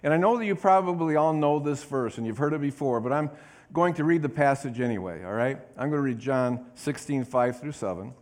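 A man's voice: medium pitch, lively intonation, fairly quick, darkish tone. A male pastor preaching a sermon, reading scripture with emphasis and drawing call-and-response amens from the congregation. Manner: reads scripture aloud with emphasis.

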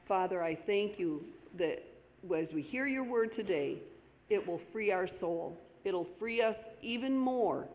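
A woman's voice: medium pitch, expressive, a little slow, a little mellow. Woman praying aloud in an echoey church. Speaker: congregant leading prayer. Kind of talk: spoken prayer. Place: church sanctuary. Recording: echoey church hall with faint noise.

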